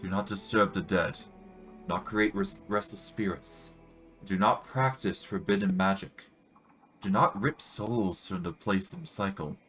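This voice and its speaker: Man reading as a stern priestess of death, calm, measured, low voice. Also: soft background music. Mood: solemn. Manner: solemn, measured.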